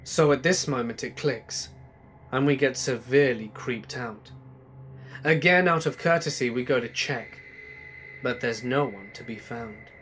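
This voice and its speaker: A man reading true scary stories aloud as a narrator, slow and hushed, letting his voice sink low at the ends of lines. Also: soft background music. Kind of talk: scripted horror narration.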